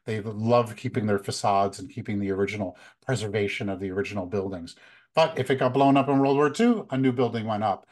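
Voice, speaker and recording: An American man in his fifties, a photography workshop leader, giving relaxed, conversational travel tips with many fillers. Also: fairly low pitch, brisk. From United States. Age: 50s. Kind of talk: casual talk, practical travel tips.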